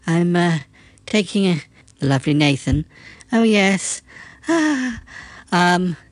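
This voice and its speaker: Man doing a low, slow, gushing lady, flustered, dry mic. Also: animated, no room sound.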